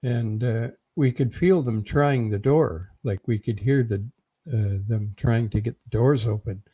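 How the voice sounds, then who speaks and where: An older man from Canada, an interview guest recounting a personal story in a halting way with frequent fillers. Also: medium pitch, warm tone, husky.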